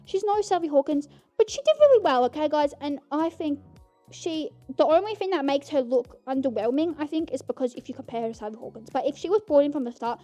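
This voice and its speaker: A young woman hosts her own podcast, giving a bubbly, rambling movie review in a high, expressive, mellow voice at a quick pace. She keeps calling her listeners "guys," and faint music plays behind her.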